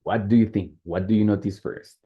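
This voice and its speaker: A man's voice: fairly low pitch, steady tone, brisk, phone-quality sound. A man teaching English whose first language is Spanish, switching between the two languages and often checking if students follow. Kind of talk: online class explanation.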